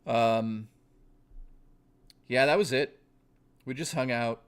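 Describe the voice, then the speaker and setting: A man's voice: medium pitch, takes it slowly, smooth. A man livestreaming, chatting casually to his viewers in a rambling, profane, joking way, full of restarts. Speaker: livestreamer talking to chat.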